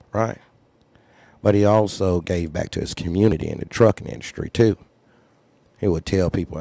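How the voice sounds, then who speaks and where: Low-voiced man giving earnest advice. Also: vocal fry, warm tone, dry recording. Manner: earnest, preachy, repeats phrases. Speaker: trucking channel host. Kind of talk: unscripted livestream talk.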